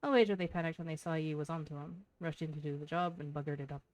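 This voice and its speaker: A woman voicing a coarse, scheming male tavern keeper in a rough put-on Irish-sounding brogue, reading game lines aloud. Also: medium pitch, moderate pace, a little mellow, close to an everyday voice. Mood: gruff. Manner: swearing, blunt, drawled.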